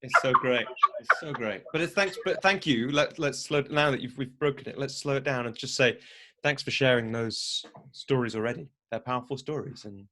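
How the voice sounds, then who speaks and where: A man with a bright, forward voice hosts a podcast conversation. He answers his guest in a reflective, affirming way, pausing and restarting now and then. His pitch sits in the middle range for a man. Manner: warm, reflective and affirming, slight hesitations. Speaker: podcast host, coach. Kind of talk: interview conversation.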